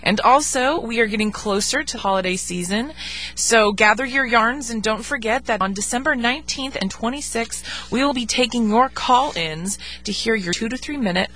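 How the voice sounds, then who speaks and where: A woman's voice: a little high, normal speed, fairly bright tone. A woman co-hosting a radio show, cheerfully reading listener mail and announcements. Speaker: radio co-host. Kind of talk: casual radio talk.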